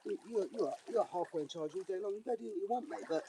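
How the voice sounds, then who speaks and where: A man's voice: sits high, fast, voice pushed up. A man putting on a breezy slangy official. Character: laid-back male official, casual and dismissive. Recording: outdoor recording with running water noise.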